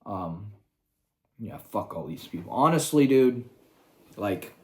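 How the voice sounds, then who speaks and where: A man's voice: fairly low pitch, expressive, slow pace, mellow. Heated, profane young man ranting. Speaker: YouTuber. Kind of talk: ranting video commentary.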